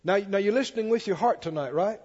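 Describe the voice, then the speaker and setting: A preacher with a high, slightly mellow, husky voice speaks fast in a sermon, reading scripture aloud with rising emphasis and pressing his congregation with questions. The audio carries long church reverb and sounds muffled and lo-fi.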